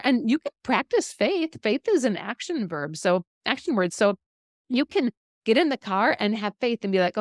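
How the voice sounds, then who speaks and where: A middle-aged woman giving an animated, encouraging faith-based health lesson, laughing often. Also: medium pitch, normal speed, no echo, clean studio sound. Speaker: health educator. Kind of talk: faith-based teaching talk.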